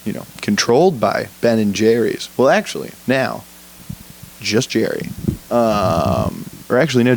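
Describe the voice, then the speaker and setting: A young man rambles through a casual solo podcast, swearing freely and laughing at himself. His pitch jumps around a lot, sitting mid-range for a man. His delivery is loose and unscripted. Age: young adult. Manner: profane, rambling, animated, laughs often. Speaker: podcast host.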